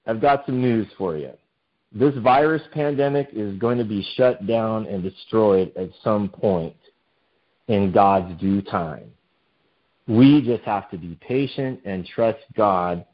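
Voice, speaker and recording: A man giving an informal sermon, reading scripture aloud and then explaining it in a conversational way with many fillers. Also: lowish voice. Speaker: pastor. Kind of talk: informal Bible study sermon. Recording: dull lo-fi sound.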